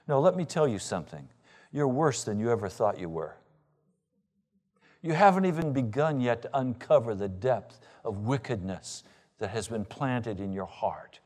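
A man preaching a sermon as pastor, swinging between loud, forceful emphasis and quiet, intense passages. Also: medium pitch, animated, moderate pace. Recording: reverberant hall.

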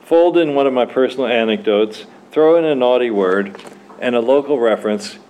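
Guy reading as a smug slick ai clone dude, mellow voice, faint room hum. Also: mid-range voice, moderate pace, close to an everyday voice. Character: smug, glib male AI clone avatar. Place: church literary evening.

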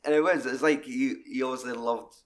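A man co-hosting a laid-back film chat. He talks in loose, rambling stretches and swears freely. His voice sits at an ordinary, mid-range pitch. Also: fairly even intonation, brisk. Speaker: podcast co-host. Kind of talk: casual film discussion chat.

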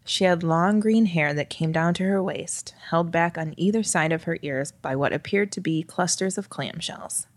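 A woman reads a story aloud with a wry, lightly expressive delivery. Her voice sits very low for a woman, and the recording is dry and close, with no room sound. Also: normal speed, few pauses, no echo. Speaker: narrator. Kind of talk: scripted storytelling narration.

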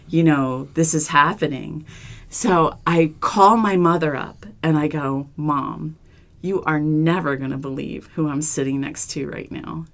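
Woman guest, low voice, animated storyteller who does the voices of the people she quotes. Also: measured pace. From Philadelphia. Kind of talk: casual storytelling.

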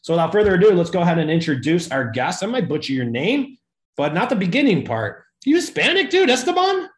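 A man hosting a podcast, talking in a loose, energetic, casual way with slang. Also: on the high side, fast talker, roomy sound. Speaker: podcast host.

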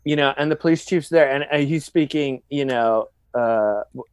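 A man's voice: medium pitch, moderate pace, smooth, no echo. A man telling crude, rambling stories in a casual chat between friends. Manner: profane, rambling, animated storyteller.

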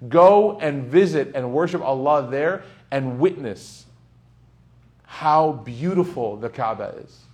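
A young man giving a casual, humorous sermon, telling stories with sudden loud bursts. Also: on the high side, animated, slow. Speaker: Islamic speaker.

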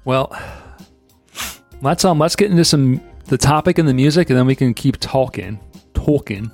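A man's voice: mid-range voice, a little mellow, faint music behind. Thoughtful male podcast co-host. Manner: reflective, thinking aloud with many pauses. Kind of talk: casual chat.

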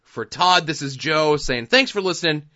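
A man's voice: on the high side, lively intonation, moderate pace, sharp tone. A man hosting a podcast in casual chat, rambling with fillers. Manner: rambling, many fillers, wraps up the show. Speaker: podcast host. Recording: dull lo-fi sound.

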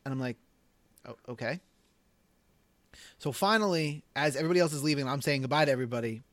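A man's voice: medium pitch, fast, fairly bright tone, no echo. A man who teaches school, co-hosting a podcast and telling a rambling story in casual chat. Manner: rambling, hedging with many fillers.

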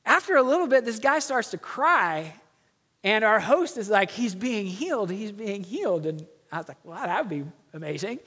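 A middle-aged male pastor preaches, telling a story in an earnest way and slowing down on key words. His voice sits high for a man. The sound carries the long reverb of a church hall. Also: a bit bright. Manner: storytelling, earnest, slows for emphasis. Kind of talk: sermon.

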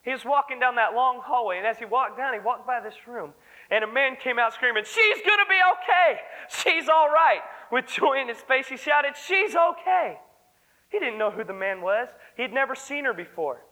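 A man's voice: very high-pitched, brisk, sharp tone, rough recording. A young man preaching a fervent, earnest sermon at a church service. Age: young adult.

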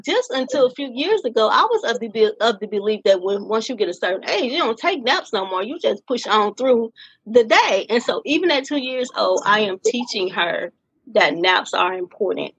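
A middle-aged woman speaking as a podcast guest, telling her own story in an earnest, deliberate way and leaning on key phrases. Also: medium pitch, lively intonation, fairly bright tone, breathy edge, dry recording, lo-fi sound. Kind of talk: candid personal storytelling in conversation.

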